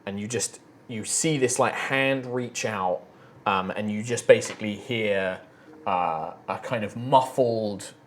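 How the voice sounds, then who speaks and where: A man's voice: fairly low pitch, slow, slight background noise. A man narrating a tabletop game as game master, describing scenes with fillers and restarts.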